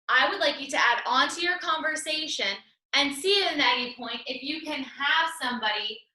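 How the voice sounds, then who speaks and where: A woman's voice: sits high, sharp tone, roomy sound, far from the mic, low-quality recording. A woman teaching an English class, explaining patiently and reassuringly step by step. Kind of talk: online class lesson.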